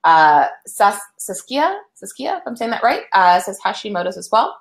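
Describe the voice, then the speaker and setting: A woman's voice: mid-range voice, big pitch swings, normal speed, gravelly. A young woman hosting a live online webinar, greeting viewers in an upbeat, chatty way with many fillers. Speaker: webinar host. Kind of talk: casual live-stream chat. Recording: echoey room.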